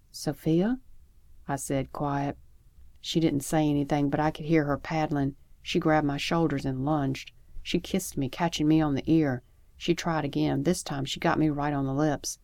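A woman with a notably low voice narrates a first-person story at a calm, measured pace. Her reading is steady, and the close recording is dry, with no room sound around her. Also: dry recording. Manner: calm, measured storytelling with lively acted dialogue. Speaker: audiobook narrator.

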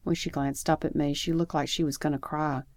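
A woman reading a first-person story aloud in a calm, measured narration style. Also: low voice, dry recording, clean studio sound. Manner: calm, measured storytelling with lively acted dialogue. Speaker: audiobook narrator.

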